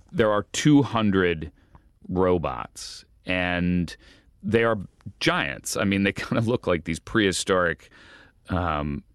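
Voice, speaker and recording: Journalist guest, very low man's voice, lively storyteller with restarts and amused asides, dry close sound. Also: dry recording. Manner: animated, stumbling restarts, amused. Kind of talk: interview storytelling.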